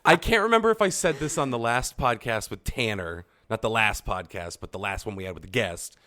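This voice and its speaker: A man co-hosting a comedy podcast, telling a meandering story in a deadpan way. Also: lowish voice, brisk. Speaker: podcast co-host. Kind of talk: casual comedic podcast chat.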